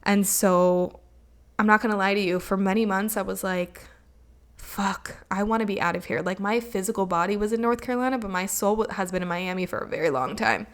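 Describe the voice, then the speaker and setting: A woman's voice: mid-range voice, fairly even intonation, quick pace. A young woman hosting her own podcast, talking in a casual, earnest and reflective way, often slipping into encouraging advice and filling with "like" and "you know.". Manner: earnest, reflective, motivational, with many likes and you knows. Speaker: podcast host. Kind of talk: casual solo podcast monologue.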